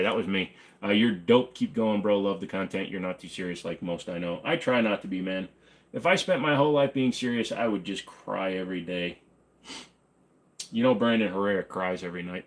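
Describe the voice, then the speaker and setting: Joking man reading his live chat. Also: lowish voice. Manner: joking, offhand, hums and scats to himself. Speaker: livestream host answering chat questions. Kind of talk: casual livestream chat. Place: home room with guns on the wall behind him.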